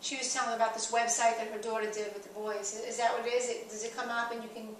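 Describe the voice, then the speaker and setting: Woman in her 30s, high bright voice, rapid animated storytelling, echoey room, far from the mic. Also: slight background noise. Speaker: show co-host. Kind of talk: casual chat among friends.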